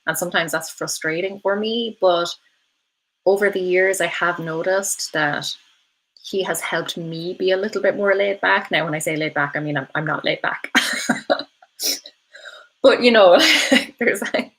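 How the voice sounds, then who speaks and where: On her live stream, a thirtysomething woman reads and responds to viewer comments in a relaxed, chatty manner, laughing readily and saying um between thoughts. Her slightly low voice has a touch of brightness, though the audio quality is poor.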